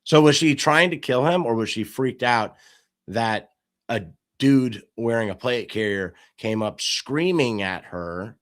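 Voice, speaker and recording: A man's voice: mid-range voice, unhurried. A man hosting a casual podcast discussion, telling stories animatedly and acting out quoted lines. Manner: animated storytelling, acts out quotes. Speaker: podcast host.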